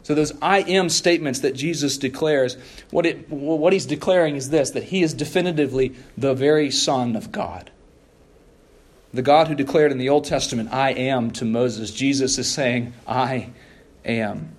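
A man preaches from the pulpit in an earnest, measured voice of ordinary middle pitch. He leans on key phrases and repeats them for weight. Now and then he trips over a word and starts again before pressing on. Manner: occasional stumbling restarts. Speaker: pastor. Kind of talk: sermon.

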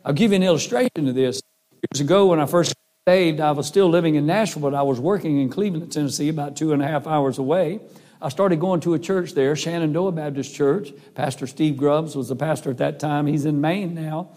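A man's voice: fairly high pitch, a little fast, warm tone. A middle-aged man preaching a sermon in an earnest, folksy, emphatic way. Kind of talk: sermon with personal story.

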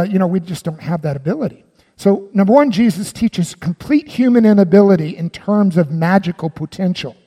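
A man's voice: sits high, darkish tone, long reverb tail. A man preaching a sermon as pastor, emphatic and often putting questions to his listeners.

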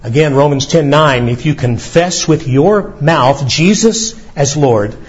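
Male pastor, sermon, lively swooping delivery with dramatic pauses, slightly raised voice, muffled recording. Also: fairly high pitch. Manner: animated preaching, dramatic pauses, emphatic scripture reading.

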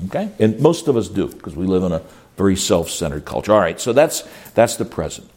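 A man, a pastor, teaching a counseling class in a lively, stop-and-start lecture style, often repeating words as he goes. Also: low voice. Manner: animated, repeats words while searching for phrasing; reads scripture aloud slowly.

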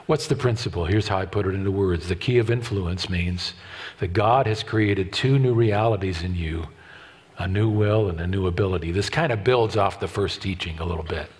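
A man in his fifties preaching a sermon, emphatic and repetitive, swinging from loud declarations to hushed asides. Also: low-pitched, moderate pace, breathy edge. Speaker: pastor.

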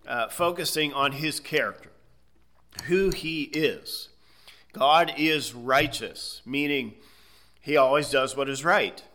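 Here a Bible teacher lectures in an expository style, his male voice mid-range, bright and forceful. He works through what words mean step by step, in a methodical way, asking "okay?" to check in.

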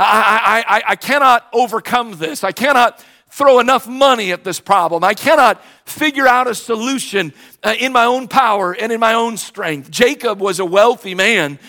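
A man's voice: very high-pitched, bright, forceful tone. A middle-aged man preaching a sermon as pastor, telling a personal story in a conversational way and acting out the voices in it. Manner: conversational storytelling, acts out quoted exchanges.

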